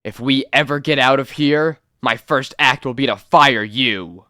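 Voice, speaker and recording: A man's voice: mid-range voice, unhurried, pushed and bright, no echo, studio quality. A man reading as a stingy rich mine owner. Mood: haughty. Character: selfish rich older male mine owner who repents. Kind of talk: comic book read-aloud.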